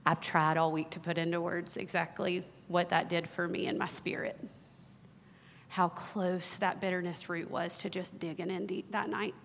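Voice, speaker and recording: A woman in her thirties, a worship leader, telling a personal story in a sermon with earnest warmth and small laughs. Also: lowish voice, flat delivery, moderate pace, vocal fry, slight background noise. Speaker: worship leader giving a talk. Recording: long hall reverb.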